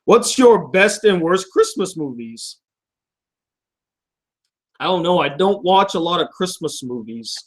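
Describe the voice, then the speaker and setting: A young man with a high voice hosts a casual vlog from his room at home. He rambles, jokes at his own expense and swears freely as he reads out fan mail. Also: sing-song, a little slow, long pauses. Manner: profane, joking, self-deprecating.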